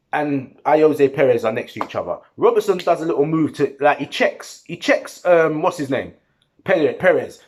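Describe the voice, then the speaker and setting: Animated man in a slangy football rant. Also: a little high. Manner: animated, heated, slangy and repetitive. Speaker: football fan vlogger. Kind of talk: post-match reaction rant.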